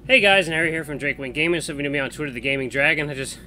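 A man's voice: on the high side, rapid-fire, hardly any pauses, pushed and bright, faint music behind. A man hosting a casual let's-play, chatting upbeat and reading the narration aloud. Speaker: game streamer reading a visual novel.

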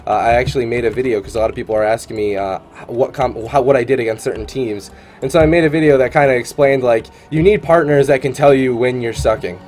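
A man's voice: medium pitch, fast, a little mellow, soft background music. A man casting a live esports tournament and chatting between matches in an upbeat, chatty way full of "uh" and "man". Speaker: tournament caster and streamer.

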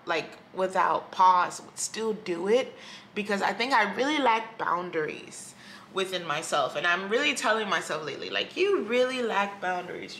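Sitting by a window at home, a woman YouTuber records a candid personal vlog on her camera mic. Her voice sits on the low side with a sharp tone, and she talks reflectively, rambling and hesitant. There's slight background noise.

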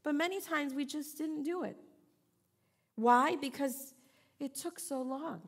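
A woman's voice: high-pitched, unhurried. A woman pastor delivering a sermon, emphatic and repetitive, with playful asides.

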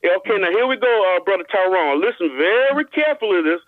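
High-voiced man preaching over a phone line. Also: expressive, no room sound. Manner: reads scripture slowly with emphasis, frequent stammered restarts. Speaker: guest Bible teacher. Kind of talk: call-in radio show discussion, reading scripture.

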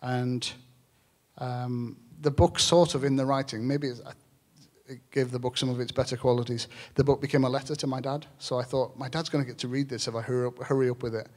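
Guy talking at a live event, earnest, halting, lots of uhs. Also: medium pitch, steady tone, darkish tone. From Lake District, England. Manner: halting, earnest, emotional storytelling with many fillers. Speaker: author and shepherd guest speaker. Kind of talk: public talk with reading and Q&A. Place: stage at a live festival event.

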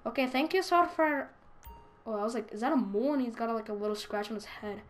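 A young woman with a high, light voice talks over her game in a let's play. She is excitable and crude, jokes nonstop and keeps bursting into giggles. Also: fast, faint music behind. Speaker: gaming YouTuber.

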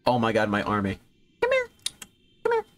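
A man giving casual, profane commentary while streaming a video game, reacting loudly when surprised. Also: lowish voice, moderate pace, very noisy. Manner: swearing, animated, jumps to yelps when surprised. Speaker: gaming streamer.

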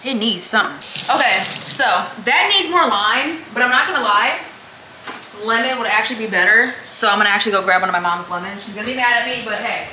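A woman's voice: mid-range voice, fast talker, noisy background. Young woman vlogger, chatty and casual, roomy kitchen with clinking dishes. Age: young adult. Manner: chatty, talks to herself and viewers. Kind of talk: casual vlog chatter while cooking. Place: home kitchen. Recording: echoey kitchen with clattering dishes. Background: cutlery and dish clatter.

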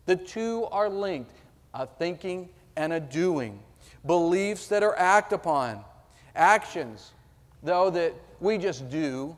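A man preaching a sermon as pastor, slow and emphatic, asking the congregation rhetorical questions while reading and explaining scripture verse by verse. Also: sits high, animated, long reverb tail. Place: church sanctuary.

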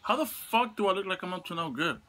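A young man vents through a storytime vlog with a bright, ringing voice. He swears freely and his pitch spikes into angry highs. Faint music plays behind him. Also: lively intonation, quick pace. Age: young adult. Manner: profane, heated venting with sudden high outbursts. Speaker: vlogger telling a story. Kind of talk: casual storytime rant.

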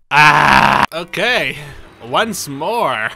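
A man giving excitable let's play commentary, reading game dialogue aloud and yelping when things go wrong. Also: on the high side. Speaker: gaming video creator.

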